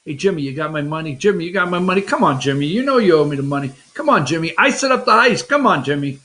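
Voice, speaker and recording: A man's voice: a little high, expressive, pushed and bright, voice pushed down. A man doing a whiny, nagging mobster. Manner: whiny, pushy, fast wiseguy patter. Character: pestering middle-aged male mobster, nagging for money.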